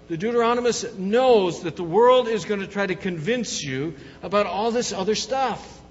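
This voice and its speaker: A man's voice: sits high, a bit bright. A pastor preaching an emphatic sermon, putting questions to his congregation. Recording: long hall reverb, dull lo-fi sound.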